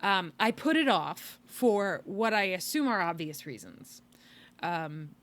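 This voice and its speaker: A woman's voice: fairly low pitch, sing-song, slow, fairly bright tone. A woman hosting a podcast in casual chat, tired, wry and rambling, with sighs and laughs. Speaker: podcast host.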